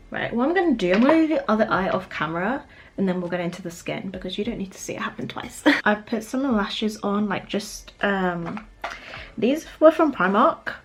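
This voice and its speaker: A young woman with a British accent chatting casually while doing her makeup, laughing often. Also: mid-range voice. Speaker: beauty vlogger. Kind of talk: get-ready-with-me makeup chat.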